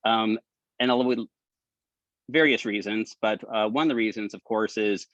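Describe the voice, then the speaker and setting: Man, relaxed and friendly, casual video-call chat, dull dry lo-fi audio. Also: lowish voice, moderate pace, no echo. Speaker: participant in a Q&A session.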